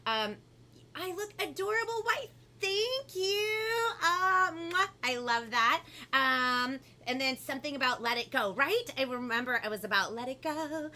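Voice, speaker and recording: A woman hosting a children's live stream, talking in a bubbly, animated way and reading out viewer comments. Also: high-pitched, normal speed. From family from Peru. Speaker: host of a live kids' show. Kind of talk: upbeat live-stream chat.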